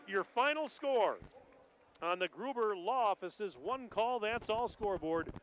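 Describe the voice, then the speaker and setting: A man doing live play-by-play for a high school basketball game, excited and rising to shouts at the big plays. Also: unhurried, slight background noise, poor audio. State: out of breath. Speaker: play-by-play announcer.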